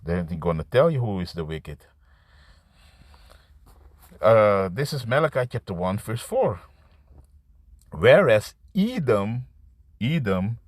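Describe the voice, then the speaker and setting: A man with a lowish voice preaches off the cuff, reading verses aloud. He stalls and repeats words, then drives on with "man" and "you see." The sound is dry and close, with no room around it. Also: dry recording. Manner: repetitive and halting, restarts words, frequent "man" and "you see". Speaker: street-style preacher. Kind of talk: improvised scripture sermon to camera.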